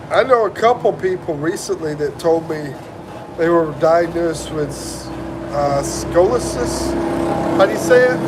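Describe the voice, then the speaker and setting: A man's voice: a little high, heavy background noise. A man hosting a casual livestream, reading viewer comments aloud and greeting them, while he recovers from the flu and sounds congested. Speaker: livestream host.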